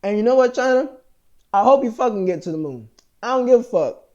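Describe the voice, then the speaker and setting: A man's voice: very high voice, animated, fairly quick, darkish tone, muffled recording. An American man vlogging in a rambling, profane monologue, full of fillers and restarts. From United States.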